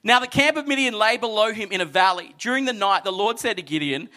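A male pastor delivers a sermon in a high, bright voice, and his delivery is animated and lively as he acts out the characters in the story. He addresses a seated congregation, shifting between energetic retelling and quieter, earnest exhortation. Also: quick pace, few pauses. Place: church hall with congregation.

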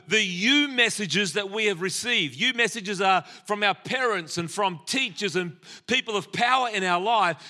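A man's voice: high-pitched, pushed and bright. An Australian man in his sixties preaching a sermon, telling personal stories with humor and speaking directly to the congregation. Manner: storytelling with humor, addressing the congregation.

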